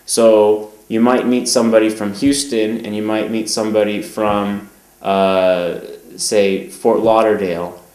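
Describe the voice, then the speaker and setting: A man with a General American accent giving a calm, measured language lesson, pausing often with "um". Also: lowish voice, echoey room, poor audio. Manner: calm, measured explaining with frequent "um" pauses. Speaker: language teacher. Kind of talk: explanatory lesson.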